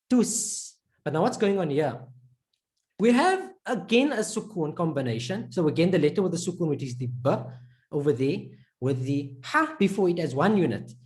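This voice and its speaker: A woman's voice: deep voice, darkish tone. A woman teaching Arabic letter sounds in a step-by-step lesson. She drills each syllable patiently and repeats it, and she praises the learner's progress. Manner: encouraging, praises with "perfect" and "excellent".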